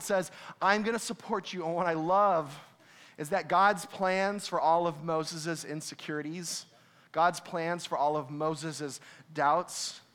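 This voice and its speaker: Bright high-voiced man preaching. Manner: animated, laughing, acts out quoted voices. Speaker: pastor. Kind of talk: sermon.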